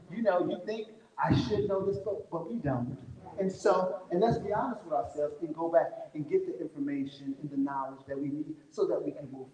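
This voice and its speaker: A man giving a motivational talk to a live conference audience, telling his life story in a folksy way and talking straight to the crowd. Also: fairly high pitch. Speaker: conference speaker. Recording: echoey hall with long reverb.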